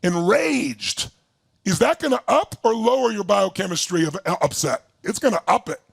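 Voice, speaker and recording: A man with a raspy, gravelly voice telling a story to a live audience as a motivational speaker. He is emphatic and acts out quoted lines. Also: lively intonation, moderate pace, no room sound. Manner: emphatic, acts out quotes with big swings in pitch.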